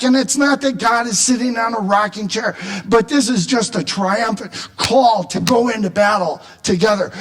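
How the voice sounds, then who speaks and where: Male pastor with a high voice, delivering an animated, emphatic sermon that rises to shouts. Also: normal speed.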